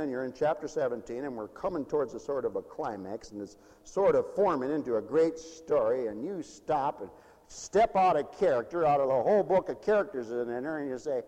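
A man preaching a lively sermon, playful and animated, laughing often and acting out whiny voices. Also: mid-range voice, moderate pace. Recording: hall with long reverb.

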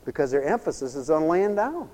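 A man preaching a sermon, telling stories and acting out the lines of the people in them, dropping to a hush and then building to fervent cries. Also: a little high, big pitch swings, a little fast. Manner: storytelling with acted-out quoted dialogue, swinging from hushed to fervent cries. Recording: long echoey hall reverb.

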